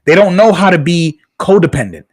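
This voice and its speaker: A man's voice: high voice, lively intonation, a little fast, darkish tone, slightly rough. A man co-hosting a podcast, talking in a casual, emphatic way and often repeating his words. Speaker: podcast co-host. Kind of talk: casual chat.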